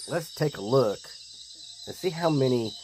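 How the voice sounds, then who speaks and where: Man, gaming channel host, casual commentary, very slow drawn-out delivery, chatty, faint crickets behind. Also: mid-range voice, expressive, a little mellow, slight background noise. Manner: slow, drawn-out, chatty, addresses viewers as guys.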